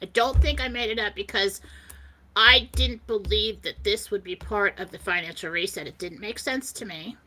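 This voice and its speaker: A woman's voice: mid-range voice, moderate pace, bright, forceful tone. A woman co-hosting a talk show, animatedly telling a personal story in casual chat and laughing often as she goes. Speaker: co-host.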